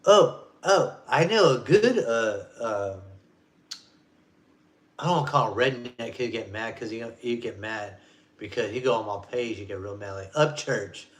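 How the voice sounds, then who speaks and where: A man's voice: on the low side, measured pace, fairly bright tone. A man in his forties ranting casually on a vlog, rambling and profane, in loose street slang. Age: 40s. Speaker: vlogger. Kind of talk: casual rant.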